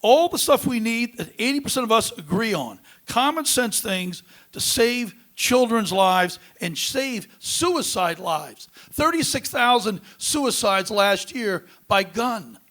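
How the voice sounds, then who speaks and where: A male congressional candidate speaks in a debate with a notably high voice. He is earnest and emphatic, leaning on fillers as he builds his points. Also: lively intonation, slow pace, fairly bright tone. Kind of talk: debate answers.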